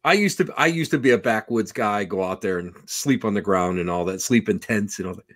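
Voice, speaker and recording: A man hosting an interview, enthusiastic and rambling, his voice swinging from soft to loud as he builds up to his questions. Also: on the low side, brisk. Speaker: podcast host. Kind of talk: casual interview.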